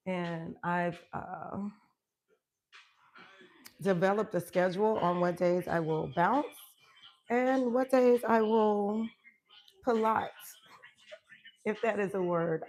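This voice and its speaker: A woman's voice: mid-range voice, a little mellow. A woman wellness coach chatting on a live stream at home, emphatic and affirming, often laughing as she talks. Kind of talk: live-stream motivational chat.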